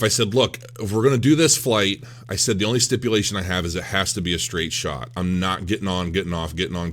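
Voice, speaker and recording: A man's voice: on the low side, fairly bright tone. A man recovering from illness tells a rambling, self-mocking story in a casual vlog, swearing freely. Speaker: crypto vlogger.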